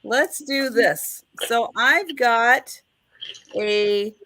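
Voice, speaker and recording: A woman's voice: fairly high pitch, very slow, sharp tone, no echo. A woman hosting a live online vintage sale, chatting and counting down bids like an auctioneer. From United States.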